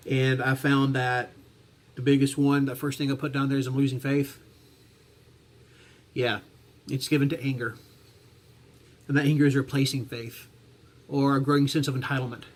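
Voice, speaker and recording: A man talking to his camera in a reflective personal vlog, halting and heartfelt, with many restarts and fillers. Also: mid-range voice. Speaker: vlogger.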